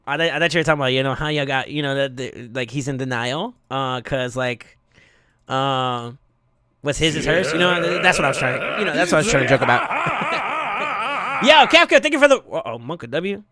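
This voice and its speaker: A man streaming live, casually chatting and thanking viewers, excitable with sudden yells, his voice going hoarse from yelling. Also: medium pitch, fast talker, dry recording, studio quality.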